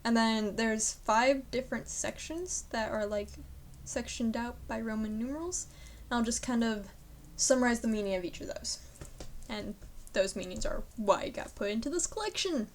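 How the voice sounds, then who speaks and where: A woman's voice: a little high, normal speed. A young woman student reads poems aloud and then explains them in an informal way, hedging with many fillers and adding self-deprecating asides. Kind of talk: poetry reading and casual explanation.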